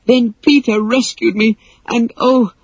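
A man voicing a gushing excited young girl. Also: very high voice, a little slow, husky, no room sound, highs cut off, pitched above the performer's own voice, heavily acted. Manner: breathless, gushing.

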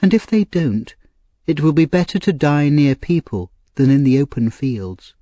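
A man's voice: on the high side, very animated, normal speed, dark tone, dry recording, voice pushed up. A man doing a weak, frightened small boy. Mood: desperate.

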